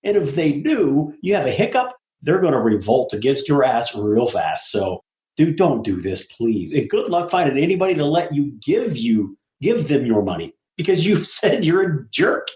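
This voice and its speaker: A man's voice: fairly high pitch, normal speed. A middle-aged man, a guest on an interview, telling stories in a blunt, profane way and acting out the people he quotes. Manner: animated storyteller, blunt and profane, acts out quoted voices. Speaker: guest, apartment syndicator. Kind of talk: casual interview talk. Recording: echoey room.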